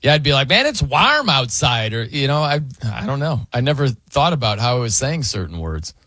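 A radio host riffs casually with his co-host, laughing often and slipping into impressions of other people's pronunciations. His voice is bright, and his pitch swings widely. The studio sound is dry and close. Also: very animated, normal speed, dry recording.

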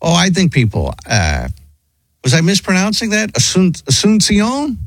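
Male radio host, lively swooping pitch, dry close mic, casual chat. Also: husky, dry recording. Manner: animated, wondering aloud, quick asides. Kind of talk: casual radio chat, reading listener emails.

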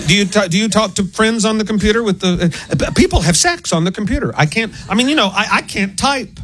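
A man tells stand-up comedy in deadpan, self-mocking one-liners. His voice sits fairly high. Clear background noise runs through the live recording. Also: fast talker, hardly any pauses.

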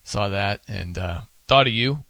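A man's voice: lowish voice, measured pace, sharp tone, no room sound. A man hosting a sports radio show, chatting casually in a rambling, self-amused way. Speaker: fill-in radio host. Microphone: studio microphone.

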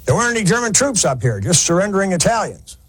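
A man's voice: high voice, sing-song, fast, a bit bright, breathy edge, poor audio. A man telling a war story in a folksy, conversational lecture, with fillers and restarts. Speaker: historian lecturer.

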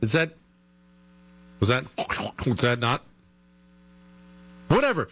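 A man's voice: mid-range voice, very animated, slow pace, a bit bright. A man hosting a talk show, ranting in an exasperated comic way. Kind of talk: comic rant.

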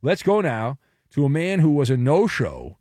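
A man's voice: fairly high pitch, wildly swooping pitch, normal speed, darkish tone, husky, no echo. Wisecracking male sports radio host, dry studio. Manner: joking, teasing callers. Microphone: studio mic.

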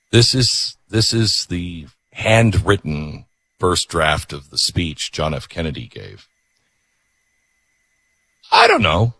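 A man's voice: deep voice, slow, pauses often. A man hosting a talk radio show, delivering an opinionated, mocking monologue. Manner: animated, mocking, switches to mimicking voices.

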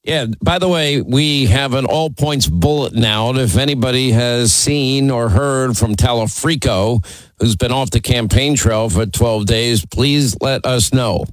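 A man's voice: mid-range voice, a little slow, dry recording, poor audio. A man hosting a call-in talk radio show, speaking emphatically and teasing callers.

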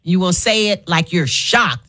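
A woman's voice: lowish voice, animated, normal speed, a bit bright. A woman hosting a call-in radio show, playful and bossy, laughing often as she chats. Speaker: radio talk show host. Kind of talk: casual call-in chat.

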